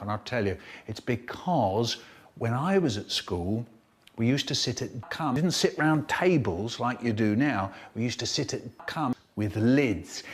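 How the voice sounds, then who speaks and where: A man performing comic stories for an audience, playful and animated, with sound effects along the way. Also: medium pitch. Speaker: storyteller.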